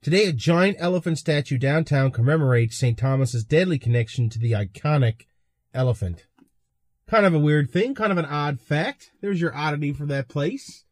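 Sex: man. Role: podcast host. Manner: chatty, amused. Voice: a bit higher than usual. Sound: dry. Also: expressive, moderate pace, a little mellow, dry recording. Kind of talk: casual commentary and reading.

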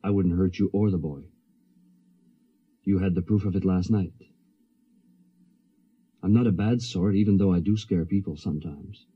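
A man voicing a troubled, gentle man cursed to be a werewolf, in an old radio story. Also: sits low, normal speed, long pauses, breathy edge, dull audio. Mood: pleading. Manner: pleading, rising to anguished cries. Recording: fuzzy 1970s radio recording.

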